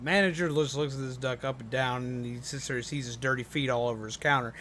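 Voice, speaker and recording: A man streaming a game, telling a joke in a casual, animated way that swings from loud to mumbled. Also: medium pitch, fast.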